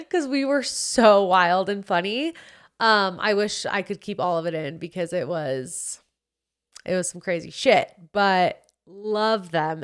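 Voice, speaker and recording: A woman's voice: fairly low pitch, clear, resonant tone. Chatty young woman hosting a podcast. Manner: chatty and effusive, swearing casually. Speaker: podcast host. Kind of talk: casual solo podcast recap.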